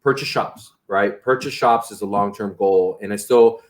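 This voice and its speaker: A man with a lowish voice, speaking at normal speed, hosts a casual interview. He rambles, often restarting sentences and tacking "right?" onto his remarks.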